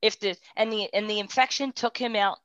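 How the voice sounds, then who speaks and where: A woman tells her story in a heartfelt personal testimony. Her voice drops to a hush, then lifts into quick, animated bursts. The sound is dry and a little muffled, as on a lo-fi recording. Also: medium pitch, dry recording. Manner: heartfelt, swings from hushed to animated. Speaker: guest sharing a personal story.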